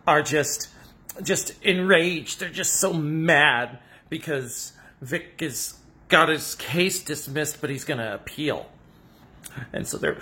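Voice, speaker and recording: A young man delivers a satirical monologue in character, protesting far too much. His voice sits a little high and sounds bright and forceful. He talks slowly, tripping over repeated words as his pitch swoops up and down. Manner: sarcastic mock-defensive rant, stammering repeats, swooping pitch.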